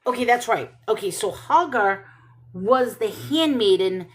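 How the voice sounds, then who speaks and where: A woman reading Bible passages slowly and stopping to question and comment on them in casual talk. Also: fairly high pitch, expressive. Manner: thinks aloud, questioning and self-correcting; reads scripture slowly and deliberately.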